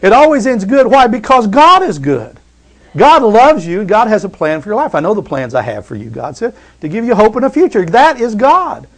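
A man preaching a sermon, emphatic, swinging from loud exclamations to hushed reassurance and calling for amens. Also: high-pitched, wildly swooping pitch, moderate pace. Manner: asks the congregation for amens.

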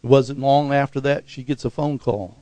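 A man preaching a sermon full of stories, climbing to loud excited peaks, acting out the voices in his tales and calling out for amens and hallelujahs. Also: medium pitch, normal speed, dry recording. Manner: calls for "amen" and "hallelujah" response. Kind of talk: sermon with storytelling.

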